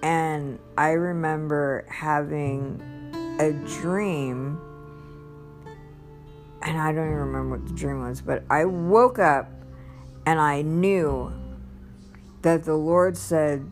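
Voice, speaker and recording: A woman's voice: low-pitched, slow pace, long pauses, faint music behind. A woman telling her personal testimony in a casual, rambling way, with many restarts and bursts of laughter. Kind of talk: casual storytelling.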